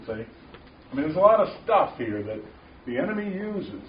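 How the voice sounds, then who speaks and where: A man giving a passionate, emphatic Christian talk to a small group of men, often rising to loud declarations. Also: a little high, very animated, moderate pace. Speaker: Christian speaker at a men's gathering. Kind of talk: informal preaching talk. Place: room with a small audience. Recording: distant, roomy, muffled with faint noise.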